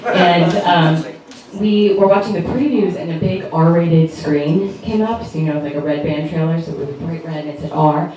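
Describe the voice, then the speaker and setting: A woman's voice: deep voice, moderate pace. A woman in her twenties doing a stand-up comedy set, chatty and rambling, with lots of fillers and giggles. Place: comedy club stage. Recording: echoey club, distant mic, loud noise.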